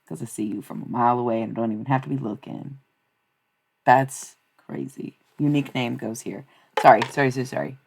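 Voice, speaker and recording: A young adult woman with an extremely low, gravelly voice chats casually with viewers during a live stream. She's a streamer and tarot reader whose talk is blunt, profane and rambling, swinging between rants and laughter.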